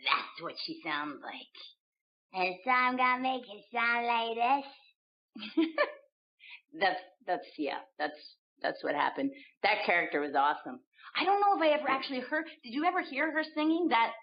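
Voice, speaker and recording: A voice actress in her forties, chatting in an interview, animated and laughing, often restarting her sentences as she searches for words. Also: a little high, moderate pace. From United States. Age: 40s. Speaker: voice actress guest. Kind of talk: casual interview chat. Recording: dull lo-fi sound.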